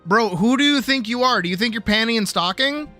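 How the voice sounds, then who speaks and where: A man with a high, bright voice is teaching art on a casual stream. He is blunt, cheeky and profane, and faint music sits under his talk. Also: lively intonation, brisk. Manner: blunt, teasing, profane, lecturing with playful bravado.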